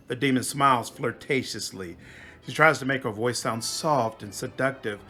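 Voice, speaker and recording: A man who makes gaming videos, reading game dialogue and narration aloud in a plain, even way during a playthrough. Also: mid-range voice, moderate pace, soft background music.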